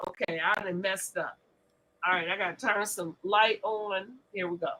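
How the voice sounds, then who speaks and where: A woman hosting a podcast, chatting loudly with lots of laughter and profanity. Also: mid-range voice, steady tone, normal speed, rough recording. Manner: loud, laughing, profane banter. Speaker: podcast host. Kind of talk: casual chat.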